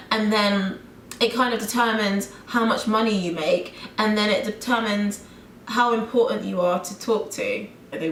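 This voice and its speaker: A young British woman from the UK vlogging, talking fast with an animated, exasperated tone. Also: medium pitch, slight background noise. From United Kingdom. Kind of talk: ranting vlog. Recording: roomy room echo.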